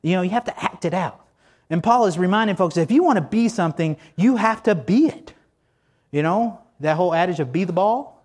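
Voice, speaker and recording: A man with a high, slightly mellow voice preaches to his congregation in church. His sermon is relaxed and full of jokes, and he asks the people plenty of rhetorical questions.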